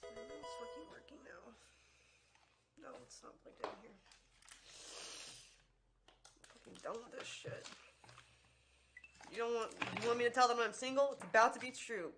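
A woman's voice: on the high side, animated, moderate pace, pauses often, noisy background. A woman streamer in an angry livestream rant, swearing constantly and sounding exasperated and worn out.

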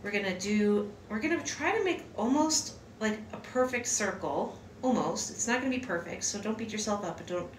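An animated hand-lettering teacher with a medium-pitched voice talks at a moderate pace with few pauses, far from the mic, over slight background noise. Her casual lesson at home rambles on with many fillers and restarts, and her off-mic voice echoes in the room.

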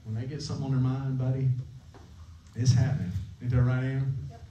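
A man's voice: medium pitch, level tone, brisk, dark tone, highs cut off, a little hiss or hum. Brief: male camp preacher, jokey and conversational, recorded at a distance in a roomy chapel. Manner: playful, jokey, asks the room questions. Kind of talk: casual sermon to middle schoolers. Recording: echoey room, mic at a distance.

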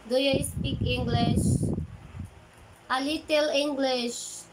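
Filipino-accented woman, livestream host, high voice, loud background noise. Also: steady tone, slow. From Philippines. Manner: greets viewers by name and reads chat aloud; mixes English with Tagalog. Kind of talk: casual live chat.

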